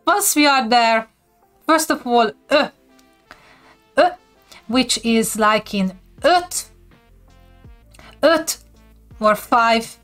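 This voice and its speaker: Woman, Hungarian accent, raised pitch, unhurried delivery, giggly live-stream chat, faint music underneath. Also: lively intonation, a bit bright. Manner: giggly, reads and answers chat. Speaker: livestreamer teaching language basics.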